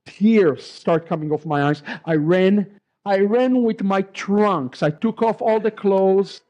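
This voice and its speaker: A middle-aged man with an Israeli accent, a rabbi giving a lively personal testimony and acting out remembered dialogue. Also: high voice, slow pace. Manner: lively storyteller who acts out remembered dialogue.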